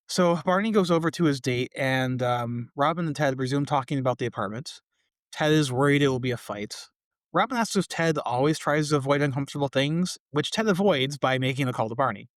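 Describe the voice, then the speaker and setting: A man's voice: medium pitch, a little fast, no room sound, clean studio sound. Chatty man recapping a sitcom. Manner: relaxed, chatty recap with fillers. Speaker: podcast co-host.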